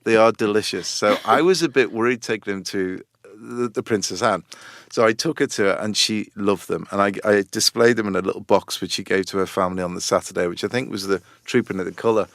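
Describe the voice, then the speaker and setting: A man's voice: fairly low pitch, brisk, vocal fry, a bit bright, no echo, studio quality. A middle-aged British man, a baker and cookbook author, talking enthusiastically and in detail about cakes in a radio interview, laughing often. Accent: British English. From United Kingdom.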